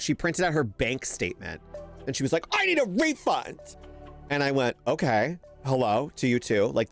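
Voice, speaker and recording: A young man streaming a game, telling a rambling story in a casual chat and laughing often. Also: fairly low pitch.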